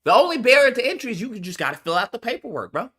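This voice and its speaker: A man reacting to news clips in profane, animated commentary, incredulous and blunt. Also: very high-pitched, racing, slightly rough.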